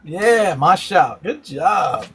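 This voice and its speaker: A man's voice: high-pitched, big pitch swings, extremely slow, fairly bright tone, breathy edge. A man hosting a casual live stream, animatedly explaining slang terms one by one and laughing often.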